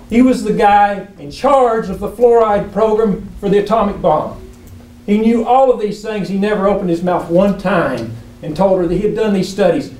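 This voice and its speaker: A man's voice: high-pitched, a little mellow. A man giving an impassioned public comment at a town council meeting, telling a story with earnest, building urgency. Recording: echoey council chamber, mic at a distance, faint hum.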